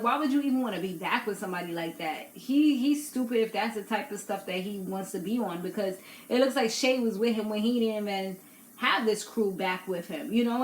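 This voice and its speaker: A young woman hosting a casual reality TV recap, chatty and opinionated, laughing often. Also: mid-range voice. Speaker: YouTube recap host. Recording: echoey room with faint noise.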